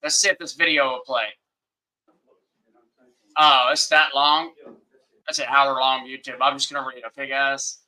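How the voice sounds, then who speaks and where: A man's voice: mid-range voice, flat delivery, normal speed, long pauses, pushed and bright, rough recording. A man with a Southern accent hosting a casual livestream, rambling and heated, often apologizing to his viewers. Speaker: livestream host. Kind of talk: casual live-stream commentary. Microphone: webcam setup.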